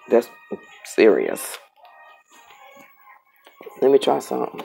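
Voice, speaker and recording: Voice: medium pitch, moderate pace, gravelly, dark tone, faint music behind. A tarot reader giving a casual reading straight to the camera, emphatic and repetitive.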